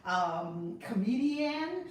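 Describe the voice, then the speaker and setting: Speaking in a fairly high, sing-song voice and extremely slowly, a woman runs a live-streamed class as a spiritual teacher who also hosts the channel. Her welcome is exuberant, calling out viewers by name, and then she teaches with stress on important words. The audio has a faint hiss, an echoey room, and distance from the microphone.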